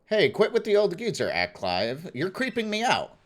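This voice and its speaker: A man's voice: high-pitched, wildly swooping pitch, normal speed, pitched above the performer's own voice. A man voicing a shy, guarded teenage girl while reading game dialogue aloud. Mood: wary.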